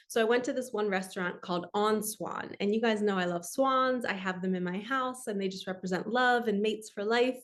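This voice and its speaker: Heartfelt chatty woman sharing a story. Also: mid-range voice. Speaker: spiritual podcast host. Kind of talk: personal storytelling and encouragement.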